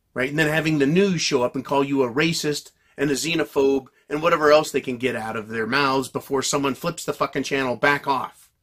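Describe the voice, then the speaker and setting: A man vents to his audience in a loud, profane, ranting monologue. His voice is husky and sits a little high for a man. He yells and hammers his points home. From United States. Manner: yells and vents angrily, heavy swearing. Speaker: political commentary vlogger.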